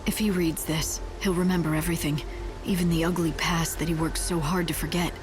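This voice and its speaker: Woman voicing a calm game heroine, soft and measured, lowish voice, music behind. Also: close to an everyday voice. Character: steady young heroine, calm and earnest. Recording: game audio over clear music.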